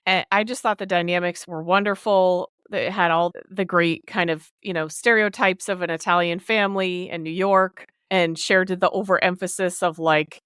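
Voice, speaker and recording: Animated, smooth-voiced woman podcast host. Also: lowish voice, normal speed, few pauses, no room sound, studio quality. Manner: animated, laughs often. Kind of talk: casual chat.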